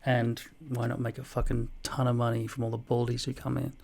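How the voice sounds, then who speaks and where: A man in his forties reading out viewer comments and answering them in a dry, deadpan way, with plenty of swearing. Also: medium pitch, fairly quick, vocal fry. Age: 40s. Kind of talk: casual comment-reply vlog.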